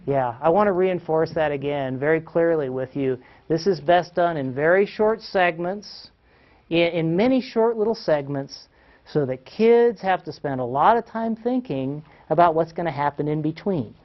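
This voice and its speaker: In a spirited, teaching-style parenting workshop, a man asks the audience questions and acts out quotes with laughter. His voice runs on the high side, animated and moderately paced, over dull audio.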